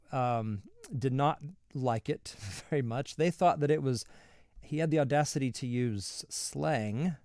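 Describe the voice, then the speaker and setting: A man's voice: medium pitch, creaky, darkish tone, dry recording, clean studio sound. A man from the Midwest hosting a weekly online reading, chatting casually before he starts, rambling with fillers and restarts. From American Midwest.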